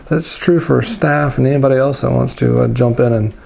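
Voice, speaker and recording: A man's voice: medium pitch, fairly even intonation, a little fast, creaky, darkish tone. Candid rambling man answering questions. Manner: candid, rambling, self-deprecating storytelling. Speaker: pastor teaching a Bible class.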